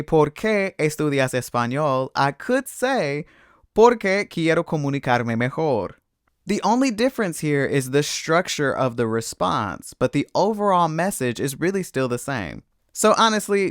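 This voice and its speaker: A man teaching a Spanish lesson, explaining patiently and clearly with lively emphasis. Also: on the high side, dry recording, clean studio sound. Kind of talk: scripted language lesson.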